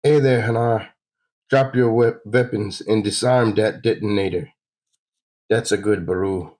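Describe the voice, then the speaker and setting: A sneering comic-book bandit with a giggle in his voice, as a man reads him aloud, pitched up a few steps above the reader's own low voice and pushed louder. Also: fairly even intonation, measured pace, close to an everyday voice. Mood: taunting. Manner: taunting, with a little giggle. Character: cocky male bandit, mocking and giggly.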